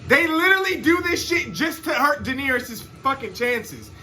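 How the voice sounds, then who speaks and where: A man's voice: very high voice, big pitch swings, normal speed, sharp tone. A man reacting to a TV episode, ranting at the screen in exasperation and swearing freely. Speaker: reaction channel co-host. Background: show soundtrack music playing.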